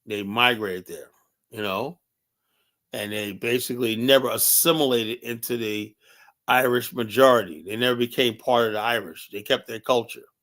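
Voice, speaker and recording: A man holds forth as a show host, rambling and blunt, with plenty of profanity. He keeps breaking off to ask a co-host whether he agrees. His pitch sits in the ordinary middle for a man. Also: steady tone, normal speed, fairly bright tone. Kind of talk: casual opinionated monologue.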